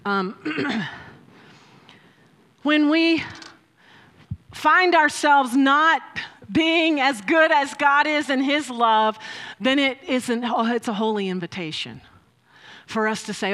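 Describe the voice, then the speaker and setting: A woman's voice: sits high, takes it slowly, pauses often, fairly bright tone. A woman preaching a sermon into a microphone, telling stories with frequent laughs and emphatic rises. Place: church hall with a mic. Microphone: handheld or stand mic. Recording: long hall reverb.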